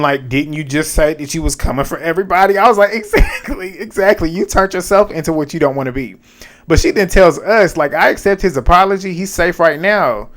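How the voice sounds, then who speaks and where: A man giving a casual, animated recap of a reality TV episode, slangy and profane, laughing often. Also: medium pitch.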